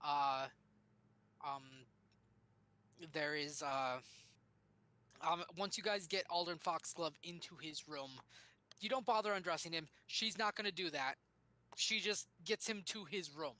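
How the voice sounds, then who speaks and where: Bright-voiced man running a tabletop game. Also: a little high, a little slow, pauses often. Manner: hesitant, many ums and uhs. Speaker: game master.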